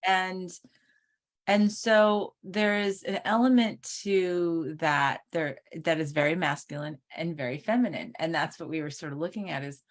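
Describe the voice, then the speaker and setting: A woman co-hosting a casual spiritual talk over a video call, chatty, full of fillers, and quick to laugh. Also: lowish voice. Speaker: co-host.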